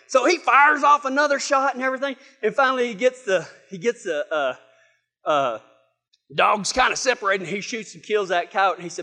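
A man's voice: very high-pitched, normal speed, pushed and bright. A man preaching a sermon from a church stage, opening with a humorous, folksy story and acting out the voices in it. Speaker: pastor.

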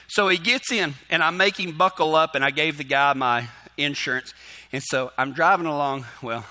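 A middle-aged man, calling in to a radio show and telling a story in a halting, animated way, acting out the dialogue. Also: a little high. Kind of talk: casual storytelling.

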